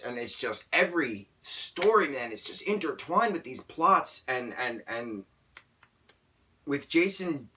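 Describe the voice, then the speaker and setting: Excitable and rambling, a young male vlogger talks through a book review, frequently stumbling and starting over. The mic sits at a distance, and his voice falls in the mid range.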